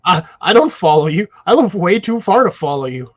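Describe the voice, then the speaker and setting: A man's voice: sits high, very animated, brisk, a crowd in the background. A man with a slightly raised voice, heard over dull, lo-fi call audio. He chats casually on a livestream, cracking jokes and teasing the host. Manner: joking, teasing. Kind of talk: casual chat.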